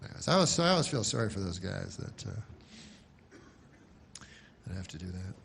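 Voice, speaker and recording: A man doing a stand-up comedy set, rambling and deadpan, halting with many restarts. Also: low-pitched, creaky, a little hiss or hum.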